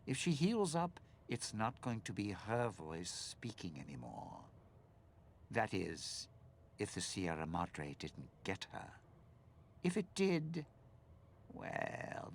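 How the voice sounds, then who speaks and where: A man's voice: slight background noise, heavily acted. An actor voicing a bitter, scheming older man in a video game, speaking in a menacing drawl. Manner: low gravelly menacing drawl.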